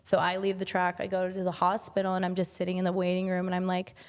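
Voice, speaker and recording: A woman's voice: fairly low pitch, monotone, fast. Young woman rambling through a story on a podcast, says like a lot, swears. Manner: chatty, frequent "like", swearing. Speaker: podcast guest. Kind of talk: casual storytelling.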